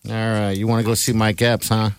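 A man hosting a morning radio show, running listener calls at a brisk pace. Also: fairly low pitch, little pitch movement, slight background noise.

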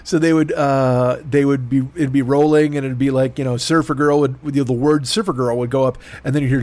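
A man's voice: medium pitch, fast, hardly any pauses, a little mellow. A middle-aged man telling a long, profane, self-deprecating story in a rambling podcast monologue. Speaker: podcast host.

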